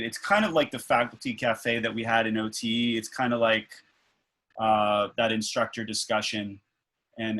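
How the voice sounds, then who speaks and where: Low-voiced man leading an online workshop. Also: fairly bright tone, rough recording. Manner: thinking aloud with many fillers and restarts. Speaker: instructor leading a faculty workshop. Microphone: video call.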